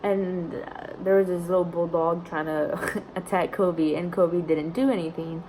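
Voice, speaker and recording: A woman's voice: fairly low pitch, fairly even intonation, a little slow, a little hiss or hum, poor audio. Indignant young woman telling a story. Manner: indignant, chatty storytelling with many "like"s. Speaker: vlogger. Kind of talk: story time, casual retelling.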